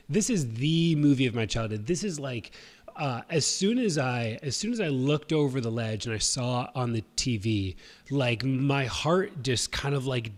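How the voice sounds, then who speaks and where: A man in his thirties hosting a livestream, telling a personal story in a rambling, casual way with many fillers and restarts. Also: mid-range voice. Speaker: host.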